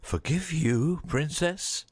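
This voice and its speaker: A man voicing a loyal huntsman torn between duty and mercy, in a slow, heavy, pleading delivery. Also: fairly high pitch, breathy edge. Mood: anguished.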